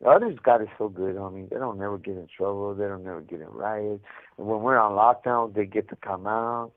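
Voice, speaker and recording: A man's voice: fairly low pitch, fairly quick. Man, streetwise storyteller, jail phone sound. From Mexico. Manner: streetwise slang, laughs often, acts out voices. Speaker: incarcerated caller. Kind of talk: storytelling over a phone call. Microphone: prison telephone. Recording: tinny jail phone line.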